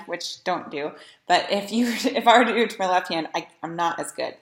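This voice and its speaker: A woman's voice: fairly low pitch, expressive, fairly quick, reverberant. A woman string teacher explaining and demonstrating posture games for young learners, chanting drills patiently.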